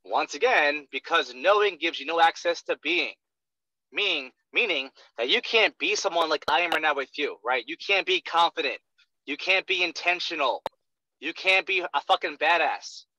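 A young man rushes through blunt, profane one-on-one coaching of a sales trainee, hammering each point and asking "right?" over and over. His animated voice is a little high and very bright, at normal speed, dry and close with no room sound, captured on a dull lo-fi recording.

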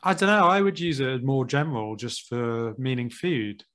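A man's voice: mid-range voice, animated, normal speed, fairly bright tone. A British man hosting a casual podcast chat, easygoing and curious, often asking questions and laughing. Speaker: podcast host, English teacher.

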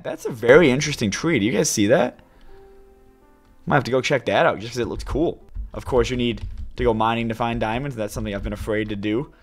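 A young man giving casual, excitable let's-play commentary to his viewers as he plays. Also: medium pitch. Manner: chatty, excitable, talks to viewers as "you guys". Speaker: gaming YouTuber.

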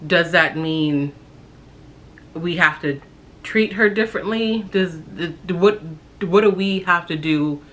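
A young woman casually telling a personal story on her vlog, talking in a halting, reflective way with frequent fillers and restarts. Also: lowish voice, a bit bright.

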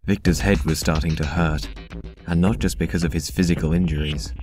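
Deep-voiced man narrating a dark story. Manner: measured, even storytelling. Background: synth music.

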